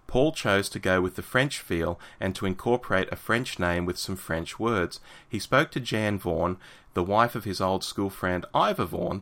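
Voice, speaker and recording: A podcast co-host with a low, somewhat bright voice reads passages from a book aloud in a casual chat. He then discusses them, using fillers and restarting his sentences.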